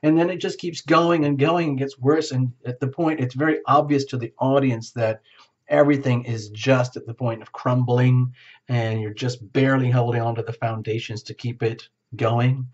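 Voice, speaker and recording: A man's voice: mid-range voice, fairly even intonation, moderate pace, a little mellow, dull audio. A man giving a casual tarot reading who talks in a chatty way, laughs often and acts out bits of dialogue. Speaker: tarot reader. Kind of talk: solo tarot reading to camera.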